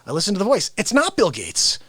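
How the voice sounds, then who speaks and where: Animated man ranting to his stream. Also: high voice, fairly quick, slightly rough, no room sound. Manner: animated, rambling, talks straight to viewers. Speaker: live-stream host and celebrity impressionist. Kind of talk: casual live-stream rant.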